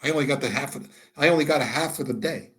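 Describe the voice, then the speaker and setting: A man's voice: mid-range voice, rapid-fire. An older American man telling candid stories in an interview, acting out both sides of conversations with dry humor. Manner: animated, acts out dialogue with a dry wit. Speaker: interview guest. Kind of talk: candid storytelling.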